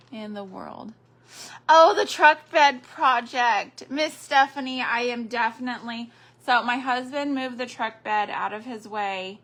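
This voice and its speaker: Slow gravelly grandma crafter. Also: female voice, medium pitch, a bit bright. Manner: chatty, counts beads under her breath. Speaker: craft livestream host. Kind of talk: casual chat while crafting.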